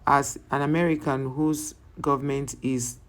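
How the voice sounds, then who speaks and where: A reaction channel host reading viewer comments aloud, often restarting words mid-sentence and adding relaxed, conversational asides between them. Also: medium pitch, a little slow.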